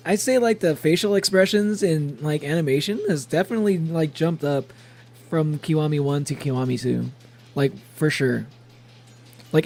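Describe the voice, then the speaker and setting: Young male streamer, slightly high gravelly voice, rambly and giggly chat. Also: darkish tone. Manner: rambling, laughs often, chatty. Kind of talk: casual gameplay streaming chat.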